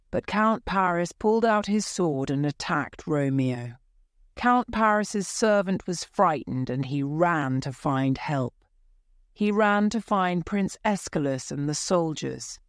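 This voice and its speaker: A woman reading a simple story aloud for English learners, slow and careful. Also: on the low side, expressive, smooth, no echo, studio quality. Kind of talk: slow graded-reader narration for English learners.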